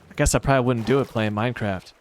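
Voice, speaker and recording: A man's voice: medium pitch, steady tone, very fast, a little hiss or hum. A sleepy man streaming a game, chatting casually with his viewers and making rambling, sarcastic asides. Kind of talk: casual chat while gaming, answering chat.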